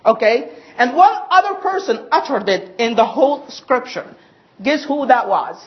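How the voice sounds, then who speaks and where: A woman from Egypt, preaching a sermon with emphatic stress and slow, weighted quotations. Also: high voice, sing-song, lo-fi sound. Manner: emphatic, slows and stresses quoted scripture.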